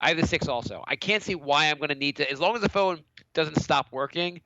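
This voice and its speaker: A man's voice: fairly high pitch, a little fast, sharp tone, no echo, dull audio. A man in his thirties co-hosting a comedy podcast, talking casually, laughing often and acting out little quotes. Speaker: podcast co-host.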